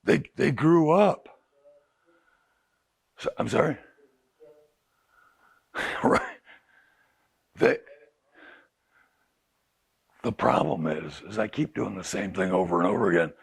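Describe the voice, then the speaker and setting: A man's voice: fairly low pitch, expressive, takes it slowly, gravelly, pauses often, breathy edge. A middle-aged male addiction counselor talking candidly to a recovery group, often asking them rhetorical questions. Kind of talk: group talk to clients. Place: recovery house group room.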